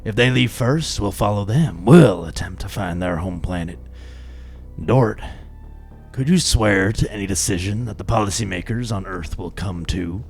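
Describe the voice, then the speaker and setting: A man playing a stern starship captain in a radio drama, speaking in a deliberate, commanding way. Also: lowish voice, vocal fry, slightly rough, soft background music.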